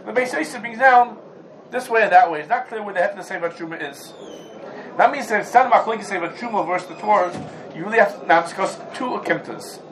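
A man's voice: sits high, fast, fairly bright tone, a little hiss or hum, rough recording. A man teaching a Torah lecture, talking animatedly, repeating himself, restarting phrases and asking rhetorical questions. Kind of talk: Talmudic lecture.

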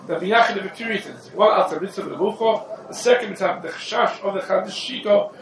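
A man giving an informal, conversational Torah lesson, moving between English and Yiddish and Hebrew terms. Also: high voice. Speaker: rabbi teaching a halacha class. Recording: roomy echo from a distant mic with faint background noise.

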